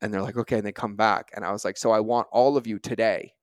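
A man's voice: on the low side, steady tone, quick pace, smooth, no echo. A man hosting a podcast, chatting casually and energetically with a guest and acting out stories with quoted dialogue. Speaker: podcast host. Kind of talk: casual interview chat.

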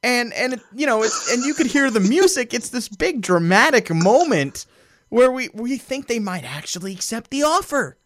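Male podcast co-host, high voice, bouncy delivery, dry close sound. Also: moderate pace, dry recording. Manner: animated, laughs often, restarts. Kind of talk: casual chat recapping a show.

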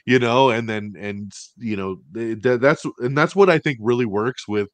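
A man co-hosting a casual movie review show, talking in an animated way, acting out characters' lines and swearing casually. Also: mid-range voice, normal speed, dry recording. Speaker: podcast co-host.

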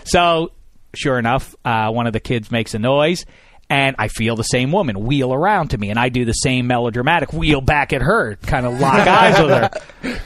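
A man in his thirties hosting a radio talk show, telling a story in a lively, sarcastic way. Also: mid-range voice, moderate pace, no echo, studio quality. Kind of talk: casual storytelling chat.

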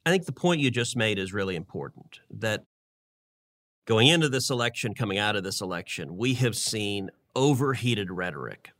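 Middle-aged man, senator co-host; bright, forceful delivery with earnest, stumbling repeats. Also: lowish voice, animated, moderate pace. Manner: earnest, repeats words while building his point. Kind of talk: casual political podcast talk.

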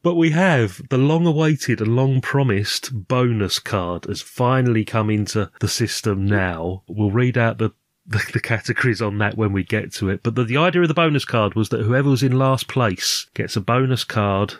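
A man co-hosts a podcast and runs its game segment in a jovial, mock-formal tone. His voice sits fairly low. The sound is close and dry. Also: normal speed, dry recording. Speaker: podcast co-host running a quiz game. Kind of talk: casual chat.

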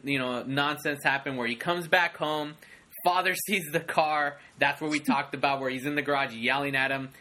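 A young man co-hosting a casual movie chat, rambling and excitable with many restarts. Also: fairly high pitch. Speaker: podcast co-host.

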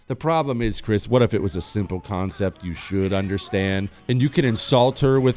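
Joking talk radio host man, lively delivery. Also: medium pitch, normal speed, hardly any pauses, soft background music. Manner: joking and emphatic, addressing listeners directly. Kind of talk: casual talk radio monologue.

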